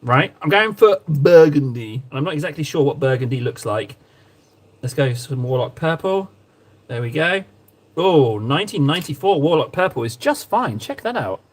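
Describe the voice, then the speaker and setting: A man with a fairly high voice chats on a live stream as he mixes paints. His pitch swings around a lot as he rambles, jokes and banters with his viewers. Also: sing-song, normal speed. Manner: playful, rambling, talks to chat while painting. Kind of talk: casual live-stream chat.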